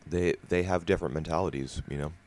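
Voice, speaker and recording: A man co-hosting a podcast in a relaxed, talkative way, explaining his views at length. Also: sits low, fast. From United States. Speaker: podcast co-host. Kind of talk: casual discussion.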